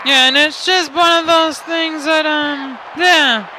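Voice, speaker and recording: A man's voice: very high-pitched, fairly even intonation, takes it slowly, shouting, crowd noise, background noise. A man narrating his gameplay in a rambling, stuttering way, firing off exasperated rhetorical questions into a close mic he keeps bumping. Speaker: let's play host. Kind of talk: gameplay commentary. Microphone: close desk mic he keeps bumping.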